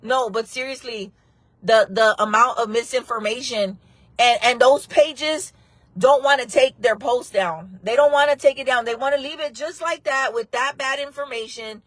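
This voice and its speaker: A woman's voice: on the high side, normal speed, slightly rough, no room sound. A woman hosting a casual live stream, chatting and rambling to her viewers, often repeating herself.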